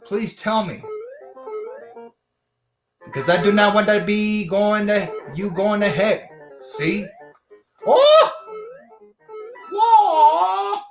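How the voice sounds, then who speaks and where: A man from the US giving casual, excitable gameplay commentary, whooping and breaking into rhymed boasts. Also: high voice, very slow, long pauses, soft background music, low-quality recording. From United States. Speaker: gamer.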